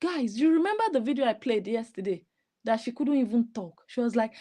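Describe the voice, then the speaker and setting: A woman's voice: on the high side, animated, moderate pace, a little mellow. A woman, giving mocking, scolding reaction commentary on clips she plays. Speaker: online commentator.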